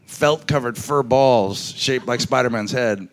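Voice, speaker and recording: A man's voice: medium pitch, a little slow. A man co-hosting a live comedy podcast, cracking jokes and laughing as he chimes in. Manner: joking, laughing interjections. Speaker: podcast co-host. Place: live stage before an audience.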